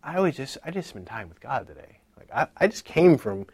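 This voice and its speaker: A man in his thirties telling a personal faith story in a casual, animated way, acting out the people in it. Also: brisk, husky, no echo. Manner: animated retelling, acting out dialogue with lively pitch jumps. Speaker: speaker sharing a personal testimony.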